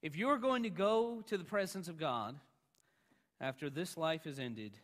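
A man's voice: a little high, measured pace, pauses often. Emphatic preaching man in a hall. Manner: emphatic preaching, rising loud on quoted lines. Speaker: pastor. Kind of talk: sermon.

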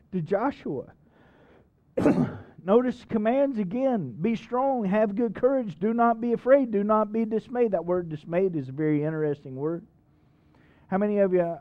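A man's voice: sits high, muffled recording. A male pastor preaching a sermon in a church, folksy and emphatic, asking the congregation questions. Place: church sanctuary.

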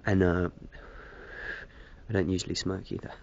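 A man's voice: low voice, flat delivery, normal speed, highs cut off, a little hiss or hum. A man rambling hesitantly to camera in a casual vlog, self-deprecating, smoking as he talks. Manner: smoking a cigarette while talking. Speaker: video blogger.

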